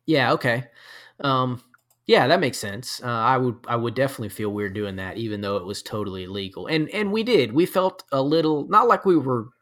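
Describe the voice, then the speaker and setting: A man's voice: mid-range voice, fairly quick, fairly bright tone. Guy rambling through a hunting story on a podcast, easygoing, fillers everywhere. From Florida. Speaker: podcast guest. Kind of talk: casual storytelling.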